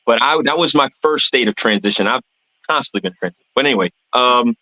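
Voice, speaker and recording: A man's voice: mid-range voice, animated, quick pace, no echo, highs cut off. A man from the United States, an artist and event MC, telling his story as a guest in an earnest, rambling, reflective way. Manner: rambling, earnest, searching for words.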